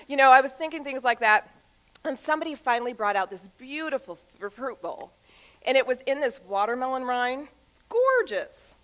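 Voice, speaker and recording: A woman in her thirties, a motivational speaker telling personal stories to a live audience with emphatic pauses. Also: high voice. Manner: expressive, animated storyteller with emphatic pauses. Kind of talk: storytelling talk to an audience.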